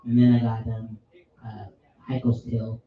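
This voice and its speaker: A man's voice: on the low side, completely flat delivery, normal speed. A man hosting a casual pub podcast, chatting enthusiastically and rambling about movies with a ready laugh. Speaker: podcast host. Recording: echoey room, distant mic, dull sound.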